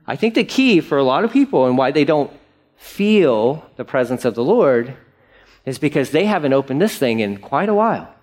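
A man's voice: mid-range voice, very animated, normal speed, darkish tone. A male pastor preaching a conversational sermon, acting out quotes and asides.

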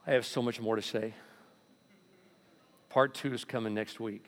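A man's voice: medium pitch, normal speed, long pauses, some chatter behind. A male pastor preaching a sermon, telling stories and acting out the voices in them. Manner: storytelling, animated, acts out voices.

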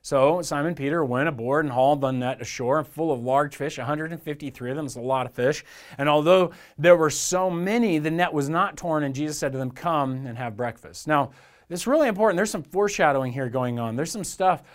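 A man's voice: a little high, brisk. A man preaching a sermon in a church in a conversational way, acting out the voices in the stories he tells. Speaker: pastor.

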